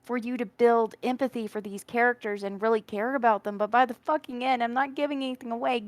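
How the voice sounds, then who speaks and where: Animated, swearing female podcast co-host. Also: a little high, a little fast, dry recording. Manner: animated, swears freely, laughs. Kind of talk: casual chat reviewing a horror comic.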